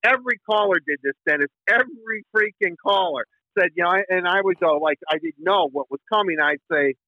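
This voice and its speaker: A man's voice: high voice, sing-song, fairly quick, gravelly, no echo. A middle-aged man from Michigan, a sports radio host telling a rambling story with many fillers and restarts. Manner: bursts into singing the team song. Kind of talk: casual interview storytelling. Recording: tinny phone line.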